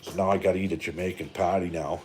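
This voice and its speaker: A man's voice: low-pitched, fairly even intonation, quick pace, darkish tone, slight background noise. A middle-aged man from Canada hosting a live stream, rambling and joking with lots of profanity. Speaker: livestream host. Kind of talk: casual live-stream rant.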